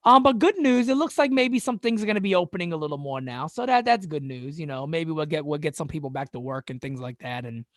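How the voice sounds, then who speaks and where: A man's voice: fairly high pitch, lively intonation, fast, hardly any pauses, fairly bright tone, no echo, studio quality. A man hosting a casual sports live-stream chat, joking, laughing often and stammering through repeated words. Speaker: sports channel host.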